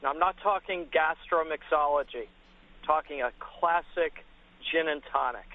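A man's voice: fairly high pitch, moderate pace. A man calling in to a radio show, emphatic and drawing out his words. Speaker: caller. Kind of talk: radio call-in. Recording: tinny phone line.

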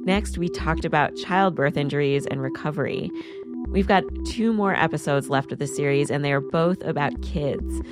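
A woman's voice: sits low, normal speed, music in the background. A woman hosting a podcast, narrating from a script in a chatty way with a few fillers. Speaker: podcast host.

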